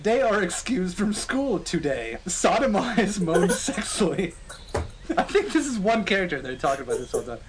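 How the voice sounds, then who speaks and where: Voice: medium pitch, very animated, moderate pace, a loud crowd, low-quality recording. A podcast co-host doing a comic dramatic reading of a story, stopping often for laughing asides. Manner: reads with frequent laughing asides.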